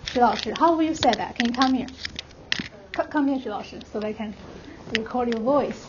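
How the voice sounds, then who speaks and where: A woman's voice: on the high side, quick pace. Chinese-accented woman teaching a class. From China. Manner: explains patiently, checks understanding with "right?". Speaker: Chinese language instructor. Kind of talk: classroom lecture. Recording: muffled classroom recording with background noise.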